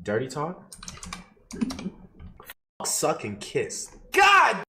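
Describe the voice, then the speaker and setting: Excitable young man hosting a noisy livestream. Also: fairly high pitch, moderate pace, echoey room. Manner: animated, repeats himself, urging chat. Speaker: livestream host. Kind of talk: casual livestream chat. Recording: noisy stream audio.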